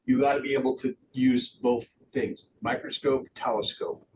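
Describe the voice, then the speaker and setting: Animated middle-aged man training realtors. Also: mid-range voice, moderate pace. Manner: animated, acts out quotes in voices. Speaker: real estate trainer. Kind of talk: live training talk to realtors. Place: office meeting room. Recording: distant room mic with background noise.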